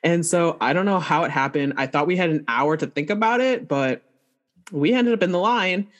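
A woman telling a funny story in casual chat, animated and laughing often as she quotes herself. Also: fairly low pitch, normal speed.

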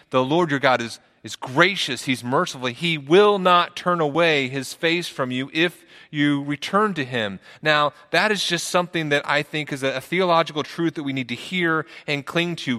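Bright-voiced preacher in a reverberant hall. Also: male voice, normal speed, hardly any pauses. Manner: earnest, repeats words, rises in pitch for emphasis. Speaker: pastor. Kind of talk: sermon.

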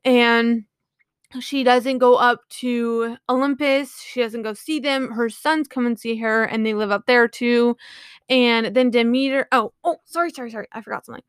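Smooth-voiced rambling woman podcaster. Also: fairly high pitch, steady tone, normal speed, no echo, clean studio sound. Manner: rambling, filler-heavy, often apologizing. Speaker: podcast host. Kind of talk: casual retelling of a book.

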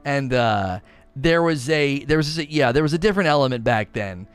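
A man in his thirties hosting a casual TV review chat, rambling with restarts and doing animated voices when retelling family moments. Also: medium pitch, normal speed, smooth, no room sound. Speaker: show host reviewing TV.

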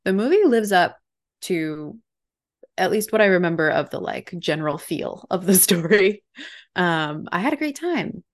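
A woman's voice: lowish voice, sing-song, normal speed. A young woman co-hosting a podcast, chatting casually in an upbeat way with frequent laughs. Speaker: podcast co-host. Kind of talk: casual chat.

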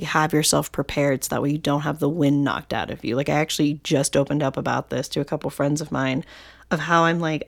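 A woman's voice: deep voice, gravelly. A young adult woman co-hosting a podcast, talking candidly and emotionally in casual chat with lots of fillers. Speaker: podcast co-host.

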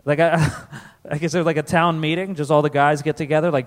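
A man from Connecticut doing live stand-up comedy, animated, profane and self-deprecating, on a festival stage before an audience. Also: fairly high pitch, fairly quick, few pauses. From Connecticut, USA. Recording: reverberant live venue.

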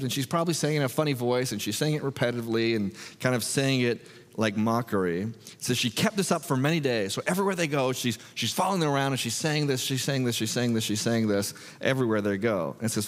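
Pastor in a reverberant hall. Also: male voice, mid-range voice, fast. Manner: conversational, animated retelling with filler words. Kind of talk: expository sermon.

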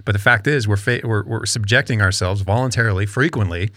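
Low-voiced coach explaining training. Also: male voice, a little fast, bright, forceful tone, no room sound. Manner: explanatory, repeats words as he thinks. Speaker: cycling coach. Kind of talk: podcast discussion.

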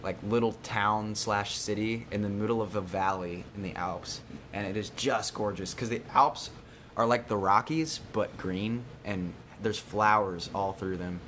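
A young man chatting casually at a quick clip. He chimes in eagerly and keeps up a steady, friendly flow. A faint hum sits in the background. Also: on the low side. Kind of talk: casual chat.

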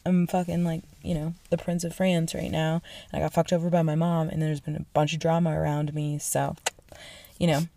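A woman's voice: sits low, little pitch movement, fairly quick, gravelly, warm tone, no room sound. A woman voicing a brash, defensive young male prince, in slangy, profane everyday talk. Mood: scheming.

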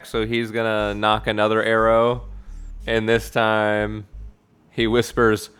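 A man's voice: on the low side, monotone, takes it slowly, a bit bright, smooth, soft background music. A man playing in a tabletop game, narrating his character's actions with teasing, crude humor. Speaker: player.

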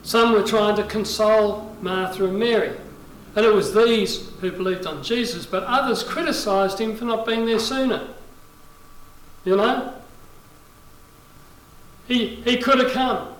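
A man's voice: high voice, normal speed. A male pastor preaching a sermon, reading scripture aloud and voicing quoted lines with dramatic rises in force. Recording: roomy echo, voice from a distance.

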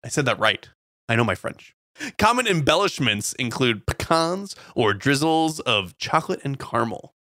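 Lively, bright-voiced man joking around. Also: medium pitch, a little slow, dry recording, studio quality. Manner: playful, laughs often, reads facts with jokey asides. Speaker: podcast co-host. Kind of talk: casual comedic chat.

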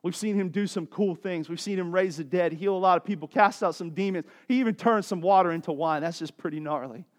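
A male pastor, preaching. His voice sits high for a man. He talks to the congregation like a friend and climbs into fervent, pleading passages. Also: brisk, hardly any pauses. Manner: casual, conversational preaching that swells to impassioned pleading. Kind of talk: sermon.

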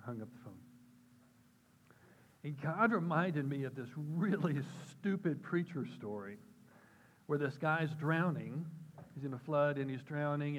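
An older man giving a personal testimony talk at church, telling a story and acting out quoted voices with sudden jumps in pitch. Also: expressive, moderate pace, lo-fi sound. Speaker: church speaker.

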